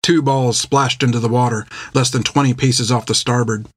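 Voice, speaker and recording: A man reading an adventure novel aloud in measured, scripted narration on a close mic. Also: medium pitch, fairly even intonation, breathy edge, no echo. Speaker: audiobook narrator.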